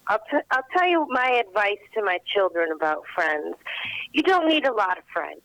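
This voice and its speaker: A woman's voice: mid-range voice, big pitch swings, normal speed, a bit bright, poor audio. A woman co-hosting a talk radio show, giving plain-spoken, wry advice in casual chat. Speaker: radio co-host.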